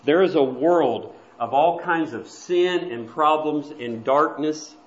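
A man's voice: on the high side, slow. Preacher guy giving a sermon, earnest storytelling, kinda muffled and echoey in the church. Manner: earnest storytelling preaching, drops to soft quiet asides. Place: church sanctuary. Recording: dull, roomy church recording.

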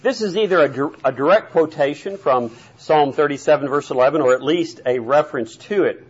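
A man's voice: fairly high pitch, fairly quick, slightly rough, dull audio. An older man preaching a sermon, earnest and worked up as he reads scripture.

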